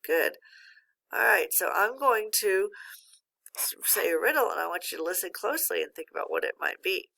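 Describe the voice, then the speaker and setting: A woman teaching a phonics lesson, patient and encouraging, pausing for answers as if students were replying. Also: lowish voice, expressive, vocal fry, sharp tone.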